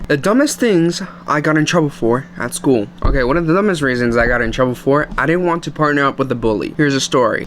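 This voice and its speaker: A young man telling funny school stories to the camera in a casual, self-mocking way. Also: a little hiss or hum. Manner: joking, self-mocking, with sudden high yelps. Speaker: vlogger.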